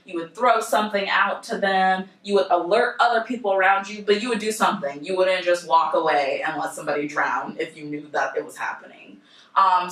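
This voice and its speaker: A young woman presenting at a university, telling a story to students in a lively way and speaking to the audience directly. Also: on the low side. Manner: lively, addresses the audience directly, acts out quoted voices. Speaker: presenter at a university civic engagement center. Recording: roomy, from a distance.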